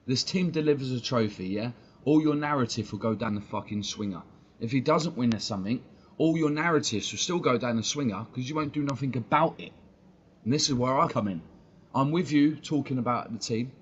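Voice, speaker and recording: A man's voice: medium pitch, brisk, muffled recording, slight background noise. A man, talking on a live stream in a blunt, slangy way and swearing freely. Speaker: football fan streamer.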